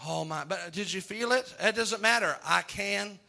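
A pastor with a high-sitting, gravelly, bright voice preaches a sermon with forceful tone at normal speed. His fervor keeps rising, punctuated by call-and-response amens.

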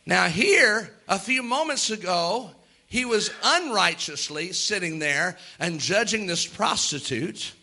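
A man's voice: high voice, animated, slow, bright, forceful tone. A man preaching a sermon with impassioned delivery, acting out the lines of Bible characters.

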